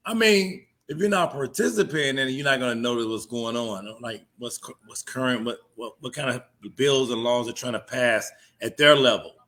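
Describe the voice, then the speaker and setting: A man's voice: medium pitch, normal speed, pushed and bright. A man co-hosting a live talk stream, pushing back in a laid-back way, often restarting his sentences. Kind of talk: casual debate talk.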